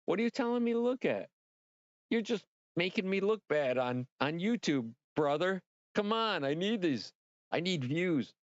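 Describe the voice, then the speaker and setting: Rambling, excitable man on a livestream. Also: sits high, moderate pace, no echo, highs cut off. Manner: rambling and excitable, swears freely, talks straight to viewers. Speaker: livestream host. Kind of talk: casual livestream chat.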